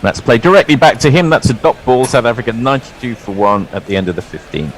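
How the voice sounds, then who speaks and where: A man calling ball-by-ball cricket commentary in a lively, chuckling way, bringing in his co-hosts. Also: medium pitch, quick pace, low-quality recording.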